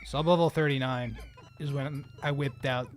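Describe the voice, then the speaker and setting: A man casually chatting on a live stream while gaming, jokey and rambling, quick to laugh at himself. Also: mid-range voice, steady tone, soft background music.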